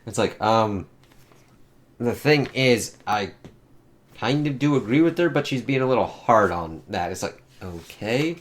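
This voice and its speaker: A man's voice: on the low side, animated, unhurried. A man casually reviewing a comic book, rambling and swearing, often restarting words. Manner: rambling, profane, with frequent restarts.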